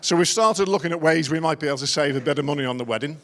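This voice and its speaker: Wry middle-aged comedian in a big hall. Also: male voice, on the high side, racing, a bit bright, a little hiss or hum. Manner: wry, self-deprecating storytelling. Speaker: after-dinner comedian. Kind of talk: stand-up comedy routine. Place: large conference dinner hall. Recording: long reverb of a large hall.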